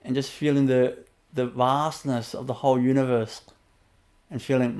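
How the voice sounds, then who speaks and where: A man as a spiritual teacher, guiding listeners through a meditation practice in a gentle, repetitive way with soft laughs and many fillers, on a webinar. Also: mid-range voice, fairly even intonation, moderate pace. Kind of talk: guided spiritual talk.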